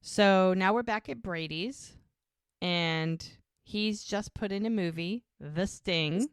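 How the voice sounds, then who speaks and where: A woman's voice: mid-range voice, takes it slowly, clean tone, no room sound, clean studio sound. A woman co-hosting a podcast, casually recapping a TV episode scene by scene, with many "like"s. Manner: lively retelling of scenes with many "like"s. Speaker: podcast co-host.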